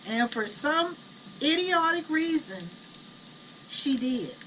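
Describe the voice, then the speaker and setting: A middle-aged woman telling blunt, animated family stories while she cooks at home. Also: sits high, slow. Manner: blunt, chatty, animated retelling. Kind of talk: casual storytelling while cooking. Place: home kitchen. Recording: distant camera mic, noisy kitchen.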